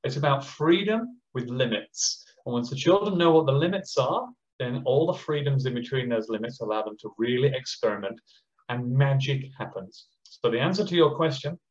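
A man's voice: medium pitch, lively intonation. Passionate Australian man on a muffled call. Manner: passionate, acts out teachers and children in quick impressions. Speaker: education speaker. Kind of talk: online conference talk and Q&A.

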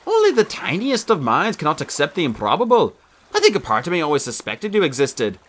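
A man voicing a calm, precocious boy genius who speaks in a polished, formal, precise way. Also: fairly high pitch, brisk, voice pushed up, heavily acted. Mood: composed.

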